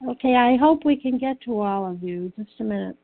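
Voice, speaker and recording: A woman moderating a meeting, briskly working through a list of names and keeping things moving. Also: a little high, expressive, gravelly. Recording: tinny phone line with faint hiss.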